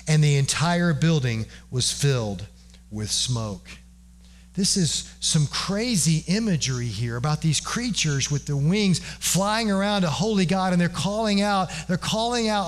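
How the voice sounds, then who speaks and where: Male pastor, slightly high voice, earnest sermon delivery with everyday examples. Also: lively intonation, measured pace. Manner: earnest, explaining with everyday examples and dramatic repetition.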